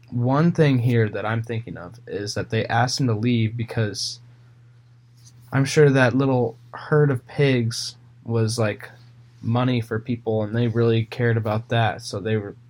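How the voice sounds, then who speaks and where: A man reading Bible passages aloud and retelling them casually in his own words, with fillers and pauses. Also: mid-range voice, steady tone, darkish tone. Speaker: Bible reader.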